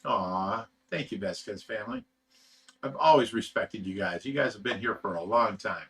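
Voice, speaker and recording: A laid-back man from the United States hosts a relaxed livestream, chatting with viewers in a bright, forceful voice. He chuckles a lot and rambles with plenty of "you know" fillers, keeping things casual. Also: on the low side, normal speed, breathy edge. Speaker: livestream host reading chat. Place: fish rescue facility.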